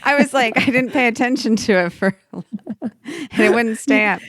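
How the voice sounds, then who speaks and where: A woman's voice: fairly high pitch, moderate pace, a bit bright, dry recording. An older woman co-hosting a podcast, chatting casually and animatedly, laughing often. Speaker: podcast co-host. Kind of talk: casual chat.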